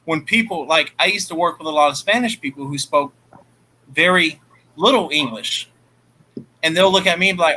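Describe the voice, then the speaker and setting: A man's voice: on the high side, animated, fairly quick, sharp tone, rough recording. A man from Ohio with a Southern US accent, chatting bluntly and swearing casually as a co-host. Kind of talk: casual chat on a livestream.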